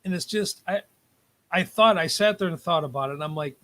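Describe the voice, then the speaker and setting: A man co-hosting a casual talk show, telling a story with lively mimicry and free swearing. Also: high voice, brisk. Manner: animated storyteller, mimics voices, swears freely. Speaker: podcast co-host.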